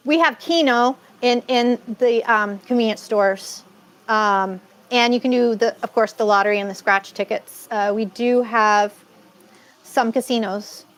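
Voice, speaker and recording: A woman's voice: on the high side, fairly even intonation, measured pace, fairly bright tone, poor audio. A woman from Massachusetts co-hosting a casual live-stream chat, rambling and laughing often.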